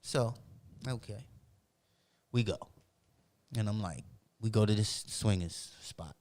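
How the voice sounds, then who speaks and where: A man from Boston, a podcast guest telling a story in casual chat, animated and profane, acting out the voices of others. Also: lowish voice, takes it slowly. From Boston, Massachusetts.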